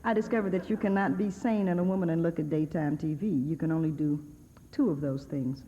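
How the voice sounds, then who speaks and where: A woman's voice: low voice, fairly quick, dark tone. A woman speaks from the podium of a lecture hall, her voice carrying a long reverb on a dull, lo-fi archival recording with a faint hiss. She talks in a wry, sardonic, conversational manner and laughs often as she lectures. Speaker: guest speaker at a university. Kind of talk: humorous lecture.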